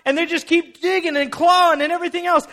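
High-voiced, animated young preacher. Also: male voice, fast talker. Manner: animated storyteller acting out the scene. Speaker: pastor. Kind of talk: sermon.

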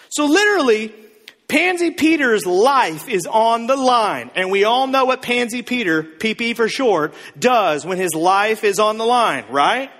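A man preaching a sermon as pastor, telling the story in a joking, animated way with sudden shouts. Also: sits high, a little slow, big-room sound.

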